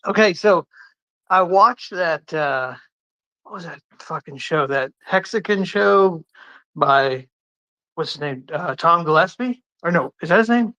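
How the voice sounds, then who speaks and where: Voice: medium pitch, lively intonation, a little slow, a bit bright, rough recording. A participant in an online audio room, teasing another speaker with rambling, profane questions. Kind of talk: casual chat in an audio room.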